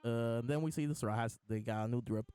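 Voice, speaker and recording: A man's voice: mid-range voice, brisk, warm tone, smooth, faint music behind. A man hosting a live reaction, reading lines aloud between laughs and restarts. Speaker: host reading and reacting to a comic chapter. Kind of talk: casual live reaction chat.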